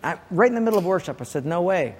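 In a church sanctuary, a male pastor preaches a sermon, earnestly telling a personal story with quoted dialogue before praying aloud. His voice is high-pitched, animated and very fast, echoing in a large hall with heavy noise.

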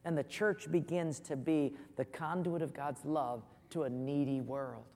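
A man preaching a sermon as pastor, lively and storytelling. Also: a little high, measured pace, creaky, big-room sound. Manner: animated storyteller, acts out voices in jokes. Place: church.

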